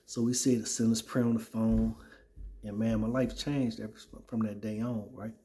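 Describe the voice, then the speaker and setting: A man's voice: fairly low pitch, flat delivery, moderate pace, mellow. A man telling his personal testimony in a casual, conversational way, often tagging lines with "right?" and "man.". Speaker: former soldier sharing his testimony.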